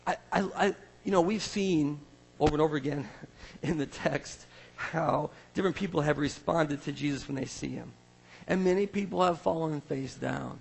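A man's voice: fairly high pitch, normal speed, gravelly, husky, long reverb tail, poor audio. A man preaching a sermon as a pastor, acting out scripture scenes with a volunteer. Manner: animated, acts out scripture scenes.

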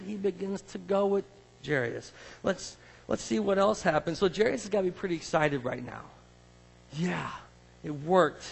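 A man's voice: on the high side, creaky, long reverb tail, poor audio. A man preaching a sermon as a pastor, acting out scripture scenes with a volunteer. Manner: animated, acts out scripture scenes.

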